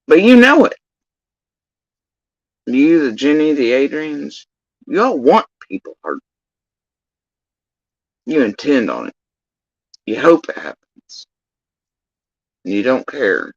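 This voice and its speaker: A woman giving scornful reaction commentary, her pitch leaping between low grumbles and sharp highs. The audio is dull and lo-fi, with a dry, close sound. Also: very animated, takes it slowly, long pauses, breathy edge, dry recording. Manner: scornful and mocking, with sudden high-pitched jabs. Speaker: commentary host.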